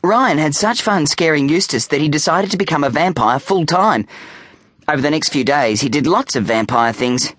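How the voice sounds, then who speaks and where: A man reading a children's audiobook aloud with playful, animated storytelling on a close studio mic. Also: on the high side, normal speed, dry recording. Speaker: audiobook narrator.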